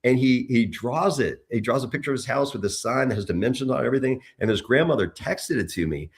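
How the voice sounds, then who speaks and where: In a conversational interview, a middle-aged man running for office talks fast in a mid-range voice. His storytelling is animated, full of frequent restarts and repeated words.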